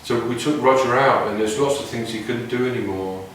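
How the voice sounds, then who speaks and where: A man's voice: mid-range voice, brisk, a bit bright, a little hiss or hum. A man telling casual, meandering anecdotes in a reflective way. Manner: meandering, reflective, with many restarts. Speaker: didgeridoo player sharing stories. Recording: very echoey room, mic far off.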